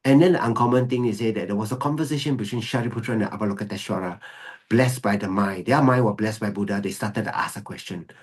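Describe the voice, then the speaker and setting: A man's voice: on the low side, quick pace, hardly any pauses, slightly rough. A male Buddhist monk giving a dharma teaching, repeating key phrases for emphasis and slipping Mandarin phrases into his English. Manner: mixes English with Mandarin phrases, laughs often.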